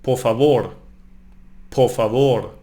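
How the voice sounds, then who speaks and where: A man teaching a language lesson, reading phrases slowly and repeating them, often adding a questioning "no?". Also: mid-range voice, fairly even intonation, warm tone. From Germany. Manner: slow, repeated pronunciation drills with tag questions.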